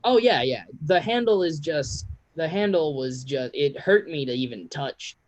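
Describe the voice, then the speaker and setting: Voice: mid-range voice, expressive, unhurried, dull audio. A game master voicing a chatty, proud male dwarf blacksmith who rambles with lots of ums and uhs. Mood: boastful.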